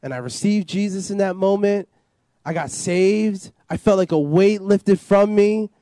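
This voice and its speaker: Guy with a high voice rambling through his life story, dry close sound. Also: a little slow, mellow, dry recording. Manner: rambling, repeats himself, lots of "you know" and "like". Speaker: interview guest. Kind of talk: personal testimony, casual storytelling.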